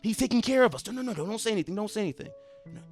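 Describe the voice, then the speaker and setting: A man voicing a scared mother who hushes her child to cover up abuse. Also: sits high, lively intonation, rapid-fire, faint music behind, voice pushed up. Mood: hushing. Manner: hushed, pleading, nervous. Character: frightened mother hushing up abuse.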